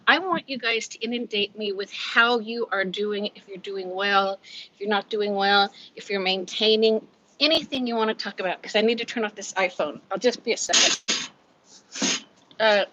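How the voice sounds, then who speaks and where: A woman's voice: mid-range voice, normal speed, bright, forceful tone, highs cut off, a little hiss or hum. A woman in her fifties with a Californian accent, hosting a casual live chat from home, out of breath, candid and chatty, reading comments aloud and laughing often. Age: 50s. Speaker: livestream host.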